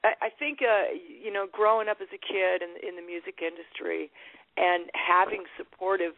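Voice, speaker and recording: A woman's voice: on the low side, steady tone, moderate pace, gravelly, dry recording. A woman guest musician talking candidly in a phone interview, restarting her sentences and laughing often. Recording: tinny phone line.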